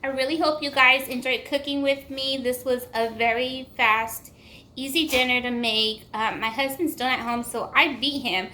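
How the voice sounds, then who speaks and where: A young woman talks her viewers through dinner in a casual cooking vlog, chatty and full of little fillers. Her voice sits a touch high and sounds bright and forward. A faint hum of room ambience sits behind her. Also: fairly even intonation, normal speed. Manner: chatty, warm address to viewers with frequent fillers. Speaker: cooking vlogger. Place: home kitchen.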